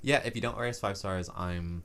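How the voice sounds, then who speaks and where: A young Irish man co-hosting a casual podcast, chatty and animated, swearing freely. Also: low voice, a little fast, clean tone. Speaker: podcast co-host. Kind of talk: casual chat.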